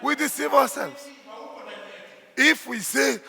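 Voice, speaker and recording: Male pastor, bright gravelly voice, slow emphatic sermon delivery, echoey church hall. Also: very high-pitched, lively intonation. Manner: emphatic preaching, shifts into Swahili asides.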